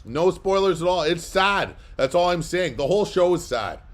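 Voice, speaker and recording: A man's voice: high-pitched, animated, moderate pace. A man hosting a live comic book auction, chatting casually and rambling with lots of fillers between bids. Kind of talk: casual livestream chat.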